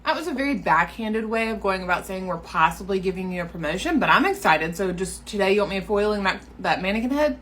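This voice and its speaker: A woman's voice: mid-range voice, expressive, fast talker, few pauses, fairly bright tone, a little hiss or hum. Sassy sarcastic young woman. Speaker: comedy skit creator. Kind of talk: comedy sketch about workplace.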